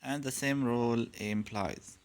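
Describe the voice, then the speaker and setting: A man teaching pronunciation in a clear instructional style, drilling sounds in repeated pairs. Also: mid-range voice, a little slow. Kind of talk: slow, clear instructional lesson.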